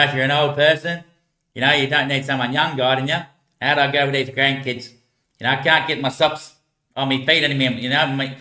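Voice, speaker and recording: An Australian man in a loose, rambling monologue who breaks into laughter often. His voice is bright and sits a bit high. The room around him is echoey.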